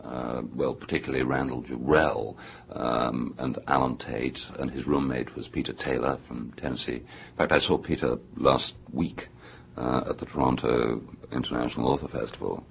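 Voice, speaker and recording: A man's voice: very deep voice, fairly even intonation, moderate pace, creaky, muffled recording, a little hiss or hum. A middle-aged English man, an author being interviewed in a radio studio, talking in an erudite, discursive way with many hesitations. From England. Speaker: author guest. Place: New York radio studio.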